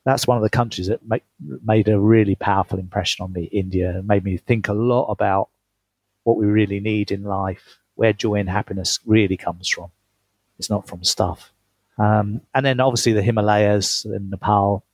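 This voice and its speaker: A man's voice: fairly low pitch, steady tone, moderate pace, husky, no echo. A man being interviewed about his book, telling chatty travel stories with frequent laughter. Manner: chatty, laughs often, restarts mid-phrase. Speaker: guest, author. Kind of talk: storytelling interview.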